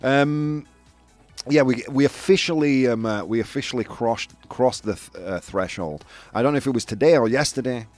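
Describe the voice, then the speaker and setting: With a mid-range, slightly mellow voice at normal speed, the man hosting the live stream reads his audience's messages and teases himself in a chatty way. Soft music plays in the background.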